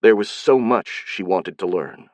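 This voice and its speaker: A man reading an audiobook in a steady, even scripted narration. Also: low voice, a little slow, no echo.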